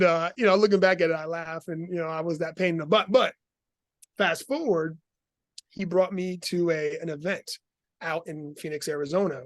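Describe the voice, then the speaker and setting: A middle-aged man as an interview guest, telling his story in an animated, laughing way. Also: a little high, no room sound.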